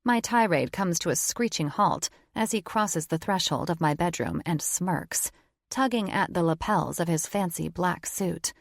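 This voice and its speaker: A woman's voice: on the low side, unhurried, vocal fry, no echo, studio quality. A woman narrating a first-person romance audiobook in a wry, conversational tone. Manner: wry, conversational inner monologue.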